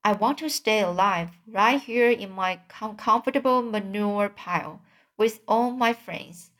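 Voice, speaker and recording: A woman reading aloud, voicing a frightened young male pig who pleads and cries out in panic, slowly. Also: mid-range voice, a bit bright, close to an everyday voice. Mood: panicked.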